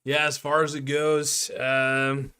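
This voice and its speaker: A man's voice: on the high side, completely flat delivery, slow pace, pushed and bright, clean tone. Laid-back joking man streaming. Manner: laid-back, joking, rambling, swears casually. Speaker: live-stream host. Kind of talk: casual live-stream chat.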